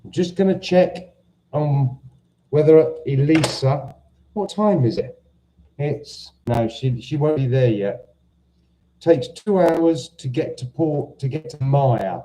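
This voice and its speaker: A man's voice: medium pitch, mellow, rough recording. A man with a Cockney accent chatting casually on a livestream, teasing viewers and confessing he gets confused. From London. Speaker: livestream host. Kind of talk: casual live chat reading viewer comments.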